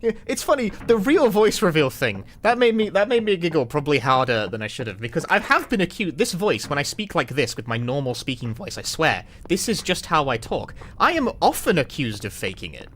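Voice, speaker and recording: A man's voice: fairly high pitch, big pitch swings, a little fast, few pauses, fairly bright tone, a little hiss or hum. A man with a London accent chatting casually while playing a game on a live stream, rambling, wry and swearing now and then. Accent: London English. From London, England. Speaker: speedrunner streamer.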